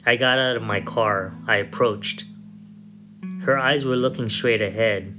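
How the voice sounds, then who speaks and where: A male storyteller reads a first-person tale slowly and with measured care, keeping a somber tone. His voice is mid-pitched, and soft guitar music plays quietly under it.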